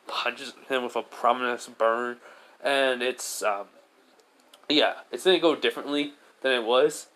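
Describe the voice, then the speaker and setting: A man's voice: medium pitch, a little slow, fairly bright tone, rough recording. A man casually retelling a fan-made story, rambling with frequent fillers and self-corrections. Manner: rambling, full of fillers and restarts.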